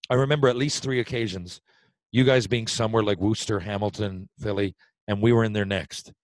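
A man hosting a casual podcast chat, a former hockey player telling rambling, excited stories. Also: lowish voice, no echo, poor audio.

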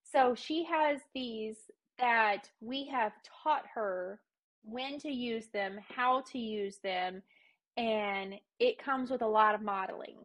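A woman guest on a podcast, explaining in quick casual chat with plenty of fillers. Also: on the high side, a bit bright.

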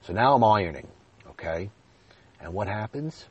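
40s guy, kinda low husky voice, rambling emotional story to his viewers, beating himself up. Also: animated, normal speed, highs cut off. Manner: candid, emotional, rambling, self-deprecating. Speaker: vlogger.

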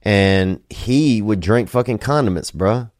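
A man's voice: fairly low pitch, measured pace, a little mellow, dry recording, studio quality. A man hosting a podcast, rambling casually with a loose, joking, drawling manner and frequent swearing. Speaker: podcast host.

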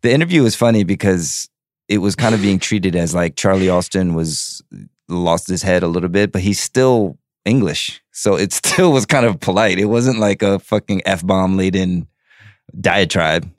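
A man's voice: deep voice, normal speed, no echo, studio quality. A young man co-hosting a sports podcast, chatting casually and swearing now and then. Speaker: podcast co-host.

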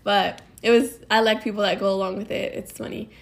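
A woman's voice: mid-range voice, steady tone, a little fast, vocal fry. A young woman vlogger chatting casually and telling stories with a bubbly, laughing manner. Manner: bubbly, storytelling, laughs often. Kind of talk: casual chat.

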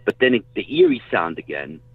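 A man's voice: sits low, animated, brisk, breathy edge, no room sound. A man telling hunting stories in casual chat, rambling and swearing freely. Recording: dry tinny phone-like line.

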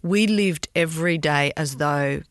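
Middle-aged woman interviewee, gravelly, emotional and halting, dry close mic. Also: deep voice, no room sound. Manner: halting, emotional, with frequent restarts. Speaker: bereaved mother, interviewee. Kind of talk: personal storytelling in an interview.

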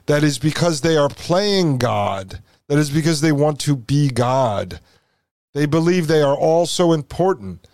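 A man's voice: on the high side, expressive, a little slow, a little mellow, no room sound, clean studio sound. A man hosting a podcast, delivering opinionated commentary in an emphatic manner and driving points home with repeated rhetorical questions. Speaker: podcast host.

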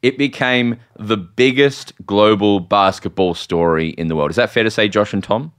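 An Australian man hosting a podcast, telling a story in an excitable, rambling, self-mocking way. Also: on the low side, normal speed, smooth. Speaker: podcast host. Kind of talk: casual podcast chat.

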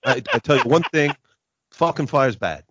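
A man putting on a gruff, crude, short-tempered male monster who snarls in broken speech, in a dry, slightly muffled recording. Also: mid-range voice, expressive, moderate pace, fairly bright tone, dry recording. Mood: belligerent.

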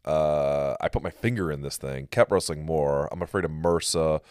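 Very deep-voiced man telling stories. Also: normal speed, a little mellow, clean tone, no room sound, clean studio sound. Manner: rambling storyteller, swears freely. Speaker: podcast host. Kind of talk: casual chat.

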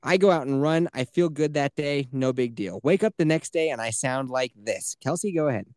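Here a man with a medium-pitched, slightly mellow voice tells stories for his podcast from a small closet, cursing as he goes. He's expressive and fairly quick, and the audio is studio quality without echo, all in a relaxed, chatty register.

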